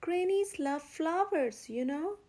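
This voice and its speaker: A greedy storybook wolf who talks with smooth, mock-polite charm, played by a woman reading aloud. His voice sits high and bright. His manners are sweet, but he plans to eat his guests. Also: animated, takes it slowly, exaggerated voice. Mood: sly.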